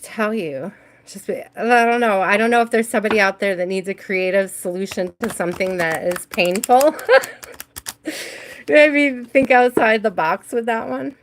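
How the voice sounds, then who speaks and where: A woman's voice: mid-range voice, steady tone, normal speed, a little hiss or hum. A woman hosting a live tarot stream, chatting casually with viewers, laughing often and greeting them by name.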